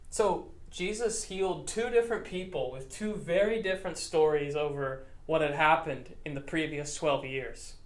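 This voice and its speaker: A male pastor giving a children's Bible lesson, telling the story in a playful, animated way and acting out the characters. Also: high voice. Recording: roomy echo.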